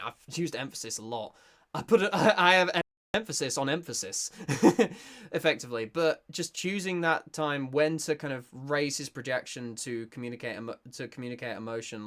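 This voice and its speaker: A British voice actor from Britain giving casual, excitable reaction commentary with many restarts. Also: mid-range voice. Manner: excitable, gushing, stumbling restarts.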